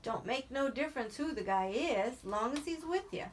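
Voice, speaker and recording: A lonely, bitter older ranch hand, as a woman reads him in a storybook audiobook. He talks in a loud, raised, earnest rural drawl, pressing his questions hard. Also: high voice, animated, normal speed, a little hiss or hum, pitched above the performer's own voice. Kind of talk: audiobook reading.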